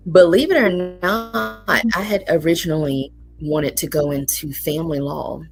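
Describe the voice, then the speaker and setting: A woman's voice: sits low, normal speed, creaky, low-quality recording. A woman therapist as a guest, speaking earnestly and encouragingly with frequent ums. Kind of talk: casual interview talk. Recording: faint music underneath.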